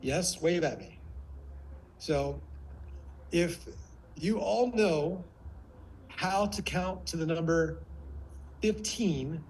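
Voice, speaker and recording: A man with a slightly high voice coaches his audience in a live online workshop. He moves between sharp, quick counting and slow, hushed delivery to demonstrate tone. A faint hum of room ambience sits behind him. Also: low-quality recording. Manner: shifts vocal tones to demonstrate, drops to near whisper. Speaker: speaking coach.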